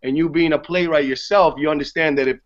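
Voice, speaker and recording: Male podcast guest, mid pitch, casual and profane, lo-fi sound. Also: fast. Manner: animated, swears freely, restarts often. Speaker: theater guest. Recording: dull lo-fi podcast audio.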